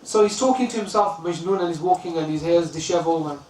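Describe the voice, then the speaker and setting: A man from the UK gives a lesson on classical poetry, telling stories and rattling off chanted verses. His voice sits a little high. The room is echoey and the mic is some distance away, with faint ambience behind. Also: darkish tone, slight background noise. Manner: storytelling, chants lines of verse quickly. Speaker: religious teacher.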